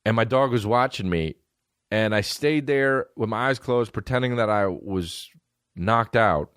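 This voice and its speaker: A man's voice: lowish voice, unhurried, clean tone, dry recording, studio quality. A man hosting a podcast, telling rambling, profane childhood stories in a casual comedic monologue. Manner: rambling, profane, animated storytelling. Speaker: podcast host.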